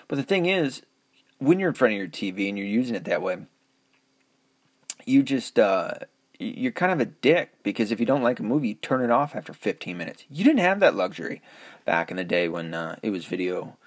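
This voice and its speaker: With a medium-pitched voice and no room sound, a middle-aged man hosts his podcast alone. He rambles casually through the monologue, swearing heavily, chuckling, and poking fun at himself along the way.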